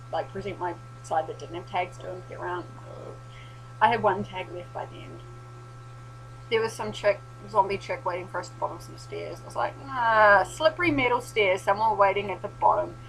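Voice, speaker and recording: A woman's voice: mid-range voice, fairly quick, vocal fry, low-quality recording. A young woman recaps an adventure for her vlog, swearing freely and laughing as she goes. Her voice sits in an ordinary middle register. A faint hum runs under the recording. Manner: animated, sweary, laughing storyteller. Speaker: vlogger. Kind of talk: casual storytelling recap.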